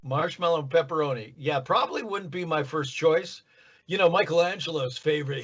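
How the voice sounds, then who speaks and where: A man being interviewed about his voice work, telling stories in a relaxed, self-deprecating way. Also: a little high, a little fast, slightly rough, lo-fi sound. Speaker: voice actor guest. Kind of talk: casual interview.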